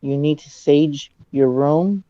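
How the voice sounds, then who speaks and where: A man's voice: takes it slowly, warm tone, dry recording. Dramatic male psychic on a muffled call. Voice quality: dramatic, dropping to low asides. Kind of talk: live psychic reading. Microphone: video call.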